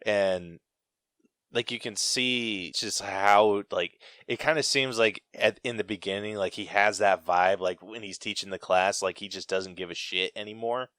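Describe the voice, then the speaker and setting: A man's voice: on the low side, unhurried, a bit bright, no room sound, clean studio sound. A young man hosting a podcast, telling a story in a casual, rambling way full of filler words. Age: young adult. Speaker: podcast host. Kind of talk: casual chat.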